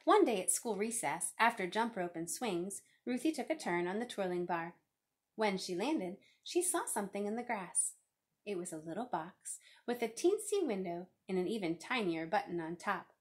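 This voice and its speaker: A woman's voice: medium pitch, normal speed. Woman reading a picture book aloud. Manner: expressive, lively storytelling. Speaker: reader.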